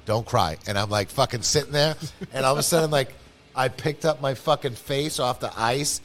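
A man's voice: medium pitch, normal speed, fairly bright tone. A young man chatting casually with friends, blunt and swearing constantly. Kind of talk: casual chat.

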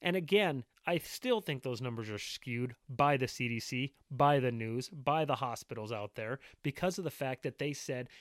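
A man's voice: mid-range voice, moderate pace, hardly any pauses, dry recording. Angry ranting man, dry close sound. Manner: angry, insistent, repetitive. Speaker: video maker. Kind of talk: impassioned ranting monologue.

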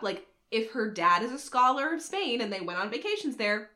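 Bright, opinionated woman podcast cohost. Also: a little high, lively intonation. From Boston area, US. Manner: opinionated, deliberate, with frequent agreeing interjections. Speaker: podcast co-host. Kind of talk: casual podcast chat.

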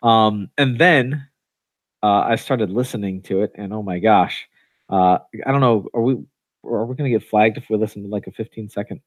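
A man's voice: on the low side, moderate pace, dry recording. Rambling man on a casual podcast. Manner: rambling, many fillers and restarts. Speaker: podcast co-host. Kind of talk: casual chat.

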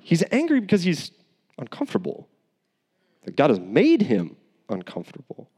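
A man preaching a sermon in an animated, conversational way, with asides and restarts. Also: on the high side, normal speed, pauses often, slightly rough, big-room sound. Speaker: pastor.

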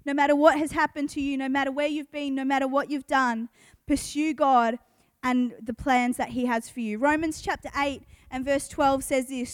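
High-voiced woman giving a chatty youth talk. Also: fairly even intonation, moderate pace, no echo, studio quality. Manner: chatty and earnest, full of "like" and "um". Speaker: youth speaker. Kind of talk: casual youth devotional talk.

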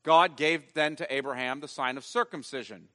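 A man preaching a sermon as pastor, emphatic, swinging from loud stressed lines to hushed ones. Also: mid-range voice, moderate pace, big-room sound.

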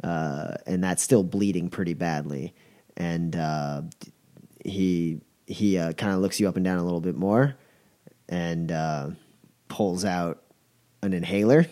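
A man's voice: deep voice, a little slow, dark tone. A young man narrating a tabletop game as game master, rambling with lots of fillers. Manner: rambling with many fillers, chuckling.

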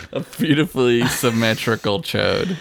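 A man's voice: medium pitch, gravelly, a little hiss or hum. A young man co-hosting a podcast in crude, casual banter, laughing often. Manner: giggly, animated, quick to laugh. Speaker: podcast co-host.

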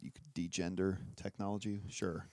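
A man co-hosting a podcast in casual chat, teasing his partner with deadpan quips. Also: low-pitched, normal speed, no room sound, studio quality. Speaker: podcast co-host.

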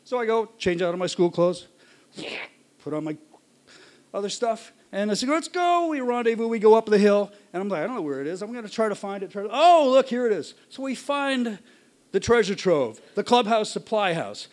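A man telling a personal story live to an audience, animated and acting out shouts and voices. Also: high-pitched, a little fast.

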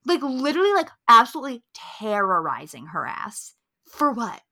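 Lively, bright-voiced young woman. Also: fairly high pitch, moderate pace. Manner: animated, profane, acts out characters' lines. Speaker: podcast co-host. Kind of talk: casual chat.

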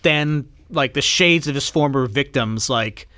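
A man co-hosting a podcast in casual, excitable chat, sometimes swearing. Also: medium pitch, measured pace. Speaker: podcast co-host.

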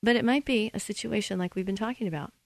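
A woman hosting a Christian relationship advice radio show in an earnest, steady, teacherly way. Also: medium pitch, quick pace, creaky, no echo.

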